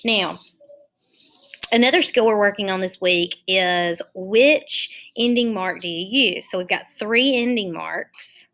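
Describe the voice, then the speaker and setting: Slow, bright-voiced woman teacher. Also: medium pitch. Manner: slow, deliberate dictation, spelling words aloud letter by letter. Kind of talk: online lesson for young children.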